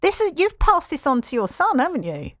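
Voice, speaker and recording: Woman host with a high, bouncy voice, dry close sound, lively questions. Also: brisk, no echo. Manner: lively, exclamatory reactions. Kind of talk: radio interview.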